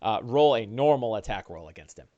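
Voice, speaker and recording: A man narrating a one-on-one tabletop game as dungeon master, animated, with quick bursts and restarts. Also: fairly low pitch, no room sound, muffled recording.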